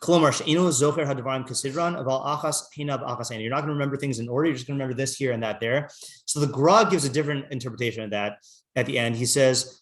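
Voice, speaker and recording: A man's voice: medium pitch, quick pace. A man, a rabbi, teaching a casual morning class, reading Hebrew texts and thinking aloud with many fillers.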